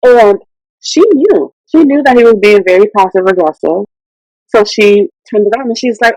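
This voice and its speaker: A woman's voice: mid-range voice, normal speed, no room sound, poor audio. A woman from Puerto Rico, a therapist and podcast guest, telling stories in casual chat and dropping in Spanish phrases. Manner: animated, switches into Spanish phrases.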